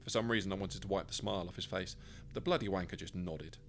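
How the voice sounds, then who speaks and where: Male author-narrator, low voice, dry wry first-person storytelling. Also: fast talker, slight background noise. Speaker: author reading his own story.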